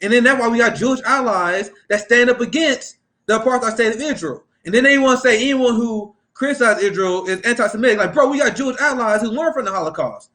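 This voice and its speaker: High-voiced man in a profane political rant. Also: expressive, fast talker, sharp tone. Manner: heated, profane, laughs often. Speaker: political commentary host.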